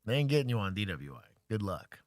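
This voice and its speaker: A man's voice: fairly low pitch, big pitch swings, quick pace, heavy background noise. A man from Texas co-hosting a livestream, reacting to police bodycam footage with joking, wry commentary. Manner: joking, wry, laid-back banter.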